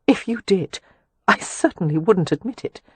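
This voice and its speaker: A woman's voice: mid-range voice, animated, normal speed, breathy edge, dry recording, voice pushed up. A woman voicing a timid, embarrassed young woman who speaks breathlessly and shyly. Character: timid flustered young woman, a prim companion.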